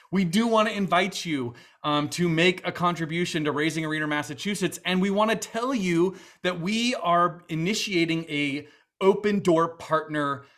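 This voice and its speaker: Bright-voiced chatty man with a Boston accent. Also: high voice. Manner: chatty, upbeat, many fillers. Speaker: event host. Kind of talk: virtual fundraiser hosting.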